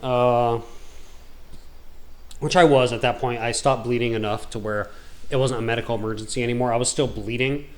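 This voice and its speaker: A man hosting a gaming video, telling a long story in a rambling, animated, slangy way. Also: mid-range voice, moderate pace, pauses often. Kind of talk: casual storytelling while gaming.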